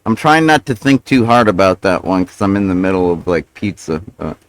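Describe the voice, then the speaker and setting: This streamer's low voice has a sing-song lilt and moves fairly quickly over a dry, low-quality recording. He rambles and rants profanely, defending himself and mumbling while chewing.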